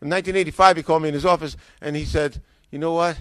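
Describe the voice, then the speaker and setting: A man telling his own conversion story in a lively way, acting out what people said to him, with frequent restarts. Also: fairly high pitch, rapid-fire, smooth, dry recording. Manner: animated, acts out quoted dialogue, frequent restarts. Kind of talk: personal testimony, storytelling.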